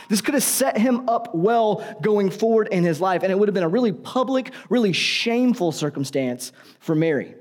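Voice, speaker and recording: A man preaches a sermon in a chatty, joking tone, throwing questions to the listeners. His voice sits a little high. His pitch swings freely. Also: darkish tone. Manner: conversational, joking, asks the audience questions.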